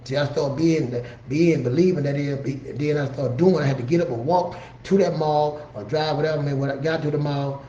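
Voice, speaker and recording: Brief: fairly high-voiced man, earnest motivational storyteller, roomy dull recording. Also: fairly even intonation, brisk, few pauses, dark tone, a little hiss or hum. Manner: earnest, conversational, frequent "you know what I'm saying". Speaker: motivational speaker. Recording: roomy, slightly dull recording with faint ambience.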